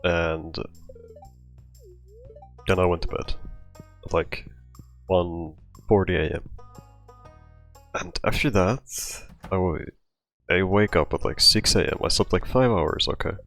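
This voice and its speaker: A man's voice: deep voice, slow pace, pauses often, a bit bright, faint music behind. A man telling a rambling personal story in casual talk, out of breath, often restarting his sentences. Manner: rambling, with many restarts and fillers. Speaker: storytime vlogger.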